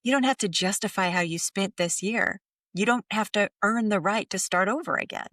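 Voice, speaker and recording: A middle-aged woman hosting a podcast, speaking softly and slowly as she leads a gentle guided reflection, sometimes near a whisper. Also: mid-range voice, no echo, studio quality, distant mic. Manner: soft, slow and soothing, drops to near whispers. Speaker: podcast host.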